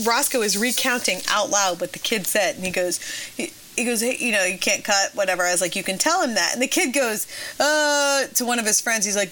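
A woman's voice: medium pitch, brisk, pushed and bright. A woman in her thirties, a mother, chatting casually on a phone call and telling a story with lots of laughter.

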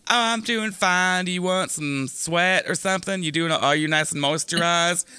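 Cartoonish pore-mouth neighbors, lispy and sing-song, high and bright, as a man puts them on for a comedy podcast bit. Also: normal speed, clear, resonant tone, no echo. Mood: chatty fussy. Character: chatty lispy male skin pores, tiny mouths.

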